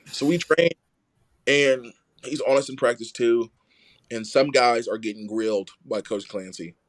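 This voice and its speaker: A young adult man telling a story in casual conversation, animated and full of "like" fillers, acting out the quoted dialogue. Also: mid-range voice, unhurried. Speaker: rugby player, podcast guest.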